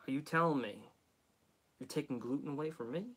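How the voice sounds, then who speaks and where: A man's voice: medium pitch, brisk, a bit bright, slightly rough. A man with a head cold voicing his own body as a defiant, vengeful figure. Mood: indignant.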